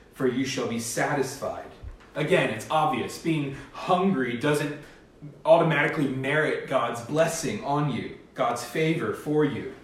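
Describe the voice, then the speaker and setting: A male pastor preaching a sermon in an earnest, emphatic manner, with rising bursts. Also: medium pitch. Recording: echoey hall, distant mic.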